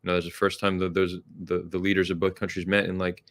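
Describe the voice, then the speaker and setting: This podcast host, a man, talks fast in a low voice with a fairly bright tone, yet his delivery is completely flat. In casual conversation he sounds thoughtful and hesitant, frequently starting over.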